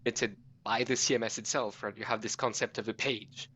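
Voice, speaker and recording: A man from Europe with a slight British accent, explaining a tech concept fluently as a podcast guest, with quick self-corrections. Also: medium pitch, fairly even intonation, pushed and bright, slightly rough.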